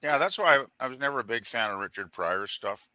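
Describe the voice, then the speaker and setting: A man's voice: medium pitch, lively intonation, quick pace, pushed and bright. A man in a casual chat, easygoing and agreeable, often searching for words.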